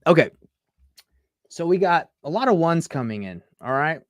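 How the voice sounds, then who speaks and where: A man's voice: on the high side, big pitch swings, moderate pace, no room sound. A man in his thirties from Utah, teaching on a live stream in a casual, chatty way and reading out text messages. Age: 30s. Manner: casual, chatty, reads texts aloud and reacts. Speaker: real estate coach. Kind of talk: live-streamed screen-share tutorial.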